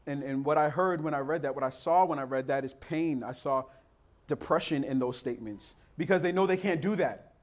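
Preacher guy, high voice, rhythmic sermon, gets really fired up. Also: brisk. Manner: impassioned, building to near-shouts; repetitive, rhythmic preaching cadence.

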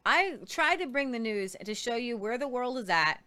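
Woman news host, kinda high voice, earnest, preachy, trips on names. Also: animated, moderate pace, pushed and bright. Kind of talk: casual news commentary with faith talk.

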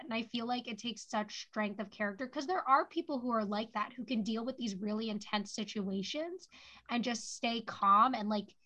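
A woman speaks at a moderate pace in a slightly bright, rather high voice. Co-hosting a podcast, she recaps a TV episode in casual conversation heavy with "like," and the recording is muffled and lo-fi.

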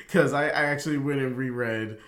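A man's voice: mid-range voice, fairly even intonation, moderate pace, crowd noise. A man co-hosting a casual podcast discussion, rambling through his points with lots of restarts and laughing at himself. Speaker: podcast co-host.

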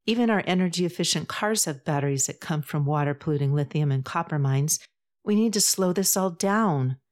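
A woman's voice: low-pitched, moderate pace, darkish tone, lightly acted. A woman voicing an earnest, sensitive young activist. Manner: earnest, patient, impassioned.

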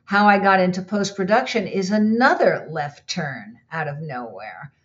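A woman's voice: on the low side, moderate pace. Older woman recounting studio stories, lo-fi. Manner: animated, acts out quotes in others' voices. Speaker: recording and re-recording mixer. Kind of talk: casual interview storytelling.

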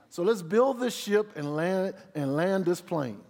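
A male pastor delivers a sermon in call-and-response style, tossing questions back to his congregation. He sinks into quiet asides and then rises loud on the words he wants to land. His slightly high voice rings with the long reverb of a large hall. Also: lively intonation, unhurried, hardly any pauses. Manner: drops low for asides, rises loud on emphasis.

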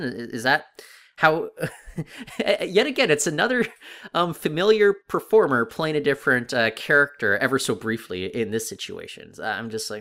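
A man co-hosting a casual podcast, griping in a wry, animated way with many fillers. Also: a little high, moderate pace. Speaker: podcast co-host. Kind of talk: casual discussion of a TV episode.

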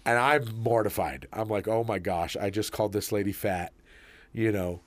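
A man's voice: on the low side, normal speed, no room sound. A middle-aged man telling stories in casual conversation, full of ums and you-knows, speaking as an experienced manager. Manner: rambling, hesitant with frequent ums and you-knows. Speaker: manager and podcast co-host.

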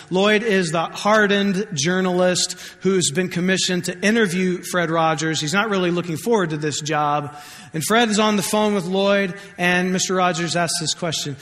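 A man's voice: high-pitched, a bit bright. A man preaching a sermon as pastor, conversational and joking, acting out scripture quotes. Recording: long hall reverb.

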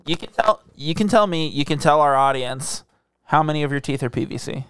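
A man's voice: a little high, animated, fairly quick, fairly bright tone, clean tone, no room sound, studio quality. A man co-hosting a podcast in casual chat, asking his partner curious questions. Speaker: podcast co-host.

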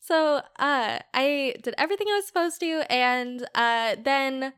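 Woman podcast guest, bright and a touch high, chatty storyteller with lots of "like". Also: unhurried. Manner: chatty storyteller, frequent "like" fillers, laughs easily. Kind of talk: casual podcast chat.

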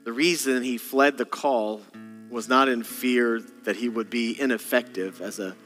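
Bright-voiced pastor preaching in a hall. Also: male voice, mid-range voice, fairly even intonation, a little slow. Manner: dramatic, acts out voices in bursts. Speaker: senior pastor. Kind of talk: sermon. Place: church auditorium. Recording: long hall reverb, faint guitar behind. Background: soft guitar.

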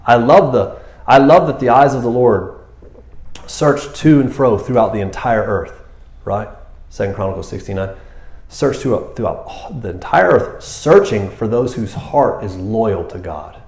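A man giving a casual, animated sermon, talking to the listeners like friends. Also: mid-range voice, unhurried. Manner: animated, casual, keeps saying "man" and "you know". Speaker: preacher. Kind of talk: conversational sermon. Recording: roomy echo.

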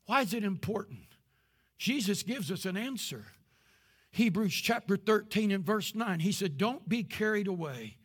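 An older man preaching a sermon as pastor to a live congregation, his passion swelling into shouts. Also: high voice. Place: church service before a live congregation.

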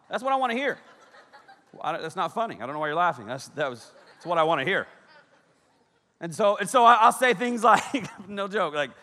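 Animated joking male preacher in a hall. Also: sits high, a little fast. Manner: joking, animated, acts out dialogue. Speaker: pastor. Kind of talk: humorous preaching. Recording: long reverb of a large hall.

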